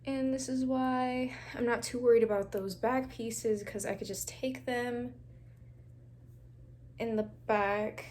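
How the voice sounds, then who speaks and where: A young woman with a fairly high voice talks casually to her viewers while styling her braids. She slips into soft near-whispers as she concentrates. There is a faint hiss in the background. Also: fairly even intonation, slow pace. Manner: chatty, talks straight to viewers as "girl" and "y'all", laughs often; drops to a near whisper while twisting hair. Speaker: hair tutorial vlogger. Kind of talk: casual hair tutorial chat.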